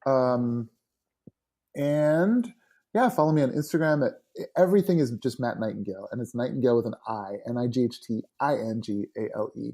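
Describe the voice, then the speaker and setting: A man's voice: mid-range voice, brisk. A man speaking as a podcast guest and worship leader, talking earnestly and casually about connecting with people. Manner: earnest, warm about his community. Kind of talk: casual interview chat.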